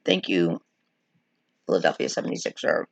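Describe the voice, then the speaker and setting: Chatty woman with a gravelly voice. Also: a bass voice, level tone, normal speed, no room sound, highs cut off. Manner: chatty, rambling, frequent likes and ums. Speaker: streamer sharing wrestling memories. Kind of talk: casual live-stream chat.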